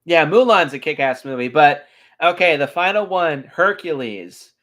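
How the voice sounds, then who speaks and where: A man casually reviewing his favorite animated films, chatty and enthusiastic, with frequent ums. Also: on the high side, moderate pace. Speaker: film reviewer. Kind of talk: casual video commentary.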